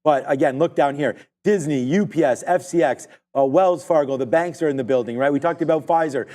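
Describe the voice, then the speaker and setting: A man hosting a live trading stream, giving rambling, excitable market commentary full of fillers. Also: on the high side, fairly quick.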